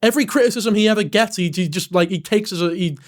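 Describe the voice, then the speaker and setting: A man reacts to a clip on his live stream. His voice sits high and he talks in animated bursts, swearing freely and often breaking into loud, laughing exclamations. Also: quick pace.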